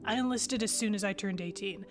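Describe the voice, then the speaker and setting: A woman's voice: medium pitch, a little fast, close to an everyday voice. A woman voicing an earnest young female starship captain on her first command, narrating her log in the first person. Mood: reflective. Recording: music playing underneath.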